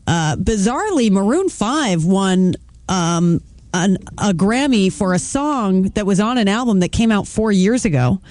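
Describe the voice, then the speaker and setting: A man's voice: high-pitched, expressive, unhurried, a little mellow. Chatty male radio newsreader. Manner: casual, chatty, with fillers. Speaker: news reader on a radio show. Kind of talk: reading entertainment news on radio. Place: radio studio.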